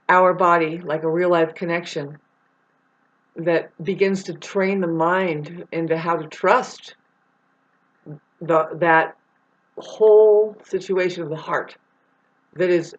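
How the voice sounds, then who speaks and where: A woman vlogging a rambling spiritual monologue, swearing freely and growing irate as she talks. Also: mid-range voice. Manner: profane, grows irate and loud. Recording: dull lo-fi recording.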